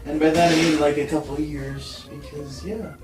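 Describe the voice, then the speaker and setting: A woman's voice: low-pitched, fairly even intonation, normal speed, over music. A young woman hosting a casual vlog with a friend, playful and giggly, slipping into sing-song teasing. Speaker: vlog host. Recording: echoey room, mic at a distance.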